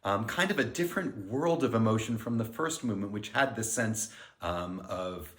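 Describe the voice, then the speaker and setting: A middle-aged man, a music director, giving a pre-concert talk and explaining the music in an unhurried, friendly lecturing way. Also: on the low side, expressive, fairly bright tone. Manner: explanatory, counts beats aloud and sings themes. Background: piano.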